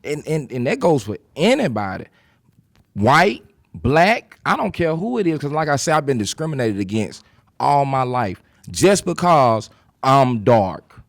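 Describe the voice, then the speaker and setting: A man's voice: medium pitch, very animated, a little slow, vocal fry, dry recording, studio quality. A man speaking on a panel, emphatic and direct, repeating himself for force. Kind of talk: impassioned panel talk.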